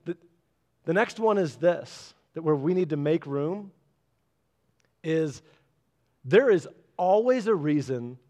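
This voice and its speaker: A man in his thirties preaching a sermon, animated and acting out little voices as he speaks. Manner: animated, acts out voices with big pitch jumps. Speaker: pastor.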